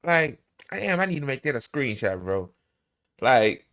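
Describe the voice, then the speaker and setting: Gravelly man ranting with laughs. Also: mid-range voice, big pitch swings, normal speed, fairly bright tone. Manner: profane, laughing, rambling with stammered restarts. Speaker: reaction streamer. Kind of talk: casual reaction commentary.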